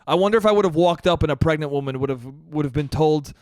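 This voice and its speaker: Exasperated ranting man, smooth clear voice. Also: a little high, fast talker, dry recording. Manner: exasperated, profane, mimics others in flat voices. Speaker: podcast host. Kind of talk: solo comedic rant.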